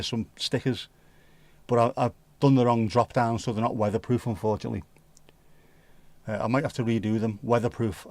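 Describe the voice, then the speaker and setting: A man's voice: mid-range voice, a little mellow, no echo. A man with a Scouse accent hosting a livestream, chatting casually in a rambling, jokey, sweary way. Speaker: livestream host. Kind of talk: casual chat.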